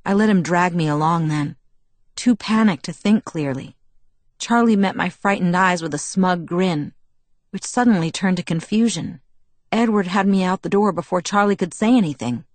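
A woman reading a story aloud in first person, in even, measured narration. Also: fairly low pitch, no echo. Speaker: audiobook narrator.

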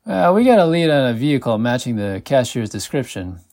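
A gruff, worn-out federal agent talks in a flat, blunt way, voiced by a male narrator. His voice is gravelly and sits at a middling pitch. He sounds like someone who has seen it all before. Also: brisk. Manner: blunt, matter-of-fact.

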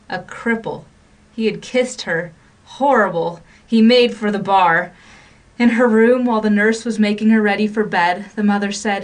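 A woman hosting a radio storytelling program, reading a story with expressive narration. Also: mid-range voice, measured pace, recorded from a distance. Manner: expressive, shifting pace and volume with the drama.

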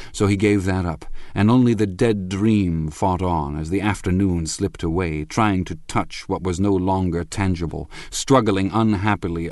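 A deep-voiced man reads a classic novel aloud, measured and expressive. The recording is dry and close, with no room sound at all. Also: dry recording. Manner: measured, expressive first-person narration. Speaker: audiobook narrator. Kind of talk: literary audiobook reading.

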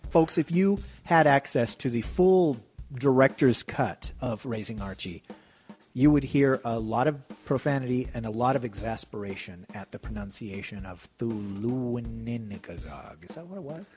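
A man's voice: medium pitch, expressive, moderate pace, a little mellow, faint music behind. An American man co-hosting a podcast in casual, jokey, rambling chat. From United States. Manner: chatty, jokey, digressive. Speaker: podcast co-host.

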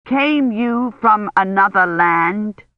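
A woman doing a slow, loud, over-distinct knight. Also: sits low, no echo, narrow, tinny audio.

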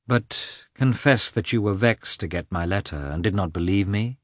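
A man's voice: lowish voice, normal speed, no echo, clean studio sound, lightly acted. A man voicing a passionate, anxious noblewoman in an audiobook, speaking in a raised, emotional and insistent way. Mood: pleading, agitated.

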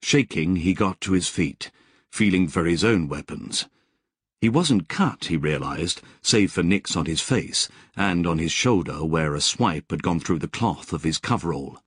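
A man narrating an audiobook in scripted, expressive storytelling with vivid description. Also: deep voice, unhurried, slightly rough, no room sound, studio quality.

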